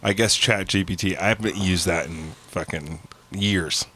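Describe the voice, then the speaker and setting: A man on a music production podcast, making dry, teasing remarks and trailing off quietly. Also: low voice, moderate pace, a little hiss or hum. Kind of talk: casual chat.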